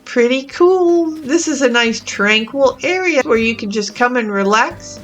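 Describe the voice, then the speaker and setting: Slow, gentle woman chatting over a cozy game. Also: a little high, expressive, faint music behind. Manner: gentle, chatty and easily amused. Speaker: gaming channel host. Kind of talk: casual gameplay commentary.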